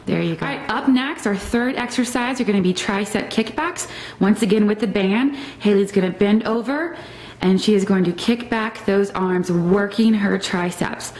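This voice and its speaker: A woman's voice: mid-range voice, moderate pace, a little mellow, very echoey, far from the mic, poor audio. A woman presenting a fitness segment, coaching viewers through exercises in an upbeat instructional way and calling out reps. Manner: upbeat instructional, says "y'all" and "all right?". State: a little out of breath. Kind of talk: demonstrating a workout on a TV show.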